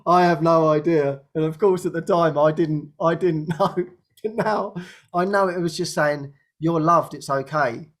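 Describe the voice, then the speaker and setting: Animated man telling a story with frequent laughs. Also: fairly high pitch, moderate pace. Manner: animated, laughs often, acts out quoted dialogue. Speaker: host of a spiritual talk show. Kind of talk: casual personal storytelling.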